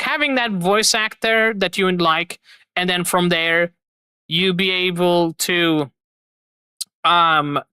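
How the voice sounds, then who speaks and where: A man with a high, pushed, bright voice hosts a live stream, chatting casually and enthusiastically with his viewers and rambling about voice acting and games. The recording is studio quality with no room sound.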